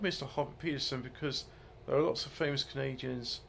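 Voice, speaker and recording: A man's voice: mid-range voice, fairly even intonation, fairly quick, creaky, a bit bright, slight background noise. A man giving rambling, joking let's-play commentary, muttering asides and mocking himself as he sets up his game. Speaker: gaming video host.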